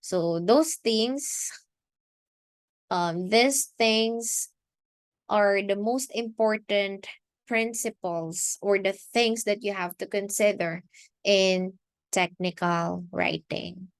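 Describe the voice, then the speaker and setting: Filipino lady teacher lecturing real slow, dry close sound, keeps restarting phrases. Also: medium pitch, vocal fry, no room sound. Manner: measured, repeats and restarts phrases with fillers. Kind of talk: recorded online lecture.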